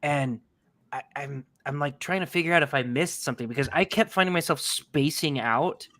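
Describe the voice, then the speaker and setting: A man co-hosting a podcast, chatting casually in an animated, jokey way and quoting people in mock voices. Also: a little high, normal speed. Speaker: podcast co-host. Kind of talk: casual chat.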